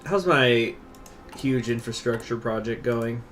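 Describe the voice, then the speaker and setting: A man's voice: mid-range voice, takes it slowly, fairly bright tone, slight background noise. A man streaming a strategy game, rambling and digressing through casual commentary. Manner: rambling, digressive, filler-heavy. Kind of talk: casual gameplay livestream commentary.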